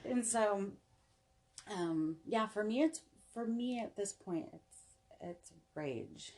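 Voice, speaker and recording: A woman's voice: medium pitch, lively intonation, takes it slowly, a little mellow. A young adult woman, a podcast guest, talking in a rambling, casual way full of restarts and "you know". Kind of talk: casual chat.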